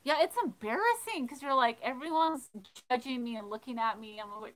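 Bright-voiced woman telling a laughing story. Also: high-pitched, sing-song, brisk, poor audio. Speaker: livestream host of a thrifting channel. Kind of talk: casual storytelling while reading live chat.

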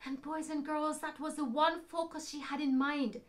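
A woman telling a Bible story to children, expressive, shifting between loud emphasis and hushed whispers. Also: high voice, normal speed.

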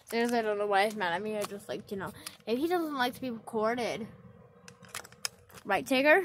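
A woman's voice: fairly high pitch, normal speed. A young woman vlogging at home in her bedroom, playful, dropping to whispers and breaking into squeals. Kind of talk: casual vlog, spying on her cat.

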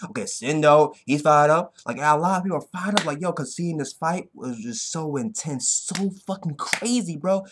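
A man giving an excitable, profane anime fight recap that keeps bursting into yells. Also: on the high side, normal speed, hardly any pauses, background noise. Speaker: anime reaction vlogger. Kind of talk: hyped casual recap.

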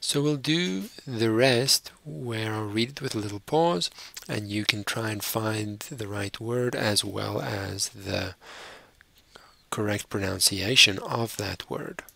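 A man teaching a recorded language lesson, speaking slowly and deliberately and repeating each word. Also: lowish voice, gravelly, sharp tone, dry recording.

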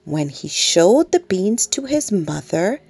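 Slow, animated woman reading a bedtime story. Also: mid-range voice, gravelly, slightly rough. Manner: expressive, slow, dramatic pauses. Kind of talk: children's bedtime story read-aloud. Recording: soft music underneath.

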